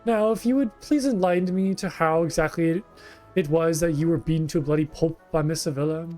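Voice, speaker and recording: A man putting on a pompous gentleman inspector. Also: a little high, fairly quick, soft background music, natural voice. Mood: grandiose. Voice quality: pompous, theatrical old-fashioned diction.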